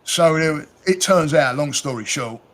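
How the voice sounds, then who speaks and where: A man's voice: on the high side, unhurried, fairly bright tone. A man from South East London with a Cockney accent, chatting casually, telling stories and swearing freely. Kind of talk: casual chat.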